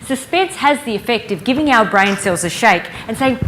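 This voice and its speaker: A woman giving a lively conference keynote, engaging the audience with stories and questions. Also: fairly high pitch, normal speed, a little hiss or hum. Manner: lively, playful storyteller who engages the audience. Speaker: keynote speaker. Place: conference hall stage.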